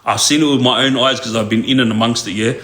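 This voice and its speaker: A man's voice: medium pitch, fairly even intonation, fast talker, fairly bright tone. A young man, telling stories on a live stream in loose slang, often laughing. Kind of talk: casual storytelling. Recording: echoey room with faint music.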